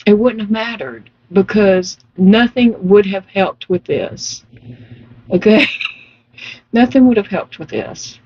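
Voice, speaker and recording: Slow-talking woman, muffled sound. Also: mid-range voice. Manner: slow storytelling, emphatic, laughing often. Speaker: vlogger. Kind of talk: casual chat while crocheting.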